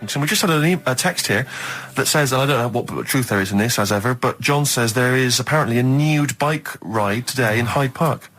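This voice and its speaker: A male radio host joining casual banter with dry, deadpan quips. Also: medium pitch, a little fast, hardly any pauses.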